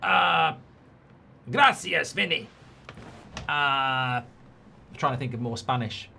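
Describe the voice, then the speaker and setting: A man's voice: mid-range voice, measured pace, vocal fry, sharp tone, a little hiss or hum, full character voice. A man putting on an exaggerated Spanish accent, voicing a cheerful, hammy Spanish man who drags out friendly greetings in a sing-song way. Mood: jokey.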